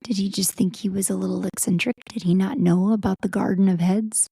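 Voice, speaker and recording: A woman's voice: mid-range voice, steady tone, brisk, creaky, mellow, husky. A woman co-hosting a podcast, chatting casually about a film and reacting aloud to scenes as she watches. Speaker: podcast co-host. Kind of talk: casual movie commentary chat.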